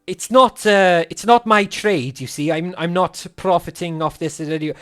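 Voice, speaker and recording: A man's voice: high-pitched, normal speed, a bit bright, clear, resonant tone. A man voicing a polite, fussy male merchant who speaks hesitantly and apologetically. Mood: fretful.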